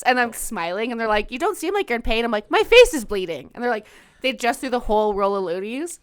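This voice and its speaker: A woman's voice: fairly high pitch, very animated, quick pace, clear, resonant tone. A woman co-hosting a podcast, blunt and joking in casual chat. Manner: blunt, joking, laughs often. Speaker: podcast co-host.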